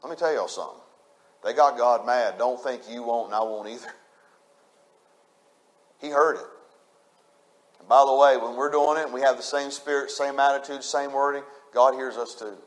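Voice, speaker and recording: A man's voice: mid-range voice, moderate pace, pauses often. A man preaching a sermon, repeating his points with emphasis and speaking straight to the congregation. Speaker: pastor.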